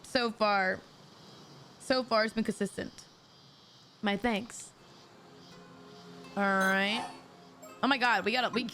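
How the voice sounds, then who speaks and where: A woman streaming a mystery game, reading the dialogue aloud and breaking off into excitable, jokey asides to her chat. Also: medium pitch. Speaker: VTuber streamer.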